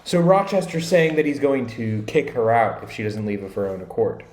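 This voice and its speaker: A man's voice: medium pitch, moderate pace, a little mellow. Man explaining a classic novel conversationally, slangy paraphrase, roomy echo on the voice. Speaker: literature explainer. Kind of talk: casual chapter summary with read-aloud quotes. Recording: echoey room.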